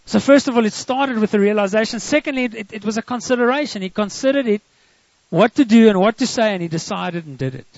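A man preaches a sermon in a high, gravelly voice and breaks into dramatic quoted voices as he retells a story. The sound is dry and dull, like a lo-fi recording. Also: lively intonation, fast, no room sound.

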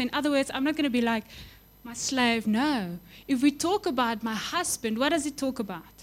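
A young woman delivering a sermon with fervent, swelling emphasis that falls back into hushed, tender lines. Her voice sits a little higher than most. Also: normal speed, few pauses. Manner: impassioned, rising to emphatic peaks then dropping soft. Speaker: preacher.

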